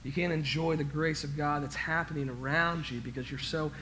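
Guy preaching a sermon, high bright voice, gets loud then quiet, repeats words when fired up. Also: steady tone, a little fast, a little hiss or hum. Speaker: pastor.

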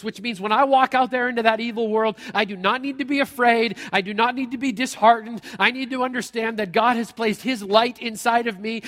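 A male pastor preaching a sermon in a lively, conversational way with playful asides. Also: extremely high pitch. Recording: long hall reverb.

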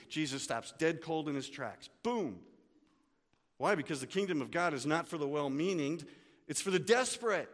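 A man preaching a sermon to his congregation, swinging from hushed, slow lines to loud, urgent ones. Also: on the high side, expressive. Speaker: pastor. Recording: long hall reverb.

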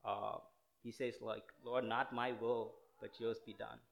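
A young male preacher from India. He speaks at a middling pitch in a loose, conversational way, with frequent fillers and restarts. His tone stays earnest as he works through his sermon. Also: little pitch movement, unhurried, gravelly, lo-fi sound.

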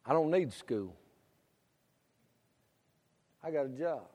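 A middle-aged pastor preaching with a high, ringing voice. He climbs into loud, drawn-out preaching and drops back to quiet, plain storytelling. The sound carries the long reverb of a church hall. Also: lively intonation. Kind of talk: sermon.

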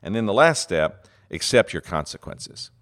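A man's voice: fairly low pitch, very animated, normal speed, fairly bright tone. A man giving a teaching talk on leadership, earnest and full of fillers and restarts, acting out example phrases.

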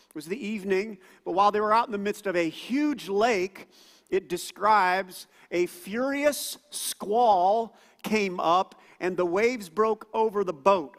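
A man preaching a sermon as pastor, animated and acting out quoted voices loudly. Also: high voice. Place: church auditorium. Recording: long hall reverb.

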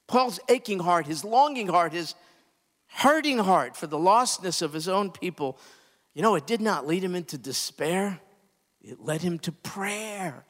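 A man preaching a sermon, impassioned, climbing to emphatic peaks and then dropping low and quiet. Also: sing-song, moderate pace, big-room sound. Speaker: pastor.

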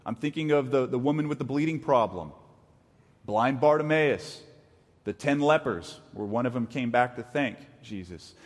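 Husky man preaching in a reverberant hall. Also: medium pitch, moderate pace. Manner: conversational and animated, acting out quotes. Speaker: pastor. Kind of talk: sermon.

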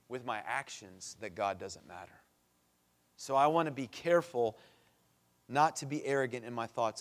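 A middle-aged man preaching a sermon as pastor, earnest and building to impassioned pleas. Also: mid-range voice.

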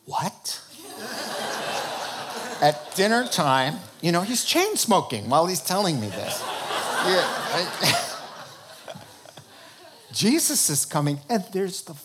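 A male preacher telling his conversion story in a sermon, animated and often laughing as he acts out conversations. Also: high-pitched, a little slow, long pauses, very noisy.

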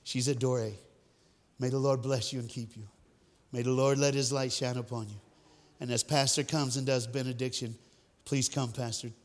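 A man's voice: mid-range voice, normal speed. Guy preaching to a youth crowd, tells stories, cracks jokes, echoey hall sound. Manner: lively, joking, direct addresses to the crowd. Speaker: guest speaker. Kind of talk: storytelling sermon to a youth crowd.

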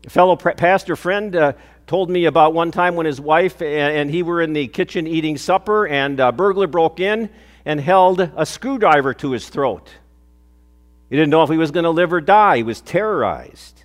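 Older pastor preaching in a reverberant church. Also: male voice, a little high, moderate pace. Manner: earnest storytelling preacher, rising with emphasis and dropping soft on key phrases. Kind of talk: sermon. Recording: long hall reverb.

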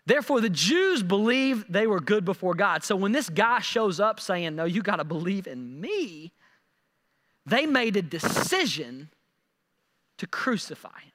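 A man preaching a sermon, animated and repeating words as he acts out scripture quotes. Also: high-pitched, a little slow, big-room sound. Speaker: pastor.

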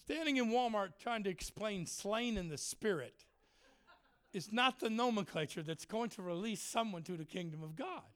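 A man's voice: high-pitched, moderate pace, smooth. A man preaching a humorous sermon, telling stories with lots of laughter and playing out other people's voices. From Germany. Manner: jokey, animated, laughs a lot, acts out voices. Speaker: traveling preacher and worship leader.

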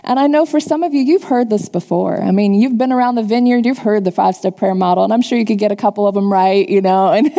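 A woman's voice: mid-range voice, fast talker, hardly any pauses, dark tone. A woman giving a sermon to her church, telling a personal testimony in an earnest, confessional way before turning to teach the congregation. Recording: long hall reverb.

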